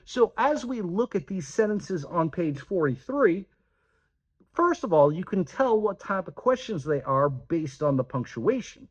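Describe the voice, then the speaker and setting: A male teacher walks through a punctuation lesson, acting out example sentences. His voice is a touch husky and swings widely in pitch. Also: big pitch swings, measured pace. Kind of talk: classroom grammar lesson.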